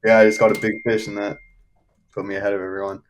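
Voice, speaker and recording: A young man with a lowish voice tells his fishing stories as a podcast guest. He talks casually and excitedly and laughs through his stories. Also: quick pace, background noise. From Shenandoah Valley, Virginia. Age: young adult. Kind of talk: casual storytelling.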